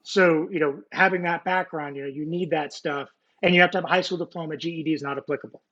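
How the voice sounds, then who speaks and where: A former Navy nuclear technician, an American in his forties, talks fast in a slightly high, slightly bright voice with fairly even intonation. He shares his story in a casual interview, full of fillers and restarts, joking in a nerdy, self-deprecating way about being a nerd. It was recorded over a video call, and the sound is muffled.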